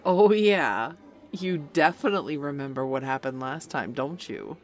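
A woman's voice: very deep voice, normal speed. A young woman voicing a cocky, taunting female best friend in an audio role-play, talking in a smug, playful way.

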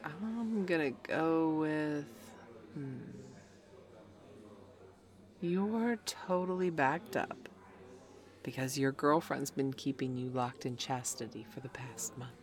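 Smug, taunting best friend, played by a young woman; low and unhurried, playful edge throughout. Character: cocky, teasing female best friend. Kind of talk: audio role-play.

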